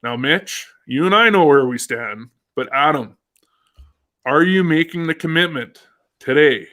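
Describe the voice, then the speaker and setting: A man's voice: a little high, expressive, measured pace, bright, forceful tone. A man hosting a casual live fishing show, upbeat and chatty, reading out viewer comments. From Canada. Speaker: host.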